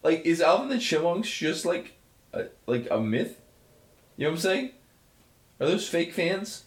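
A man co-hosting a podcast with a mid-pitched voice that swings widely. He makes slangy, sarcastic asides in casual movie chat. His voice carries a roomy echo. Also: very animated, unhurried. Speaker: podcast co-host.

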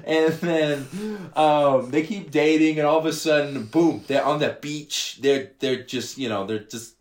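A man's voice: mid-range voice, lively intonation, normal speed, echoey room. Young man slangily recapping a bad movie. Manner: laid-back slangy storytelling, acts out lines. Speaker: podcast co-host. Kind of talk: casual movie recap chat.

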